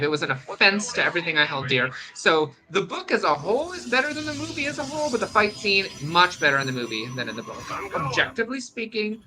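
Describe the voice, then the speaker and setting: Young adult streamer, casual rambling chat, bright tone, faint game music behind. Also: medium pitch, fast, hardly any pauses, poor audio. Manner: rambling, animated ranting. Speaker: gaming streamer.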